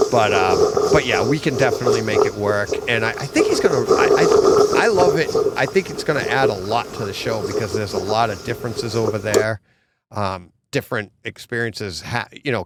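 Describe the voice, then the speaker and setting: A man's voice: mid-range voice, heavy background noise. A man with a Boston accent co-hosting a podcast in casual chat, rambling with many restarts and frequent laughs. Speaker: podcast co-host.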